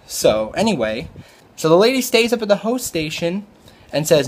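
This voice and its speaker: A man's voice: high-pitched, big pitch swings, moderate pace. A young man who works as a restaurant server, telling a story in a casual, rambling way, with frequent fillers and restarts.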